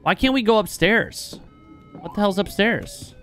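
A man hosting a let's play, giving excitable, jokey commentary with loud reactions and swearing. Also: sits high, measured pace, clean tone. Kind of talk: gameplay commentary. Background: game music.

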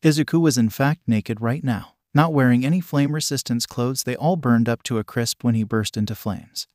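A man's voice: mid-range voice, moderate pace, a little mellow, dry recording. Man reading fan fiction, dry. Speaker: narrator.

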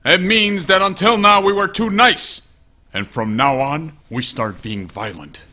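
A sly cartoon villain boss. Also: male voice, a little high, measured pace, exaggerated voice. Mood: commanding. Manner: commanding, drops to a conspiratorial hush. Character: scheming male villain boss, bossy and sly. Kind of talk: cartoon voice acting.

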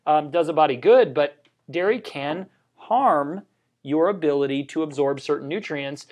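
A man's voice: a little high, normal speed, a little mellow. A man co-hosting a live health show, talking enthusiastically and joking between points. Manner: enthusiastic and joking, tells personal anecdotes. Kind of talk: casual health chat on a livestream.

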